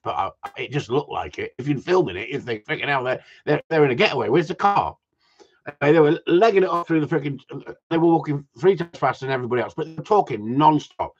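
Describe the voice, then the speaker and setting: Husky man ranting on a live stream. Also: medium pitch, dull audio. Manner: animated storytelling with frequent swearing. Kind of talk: casual ranting chat.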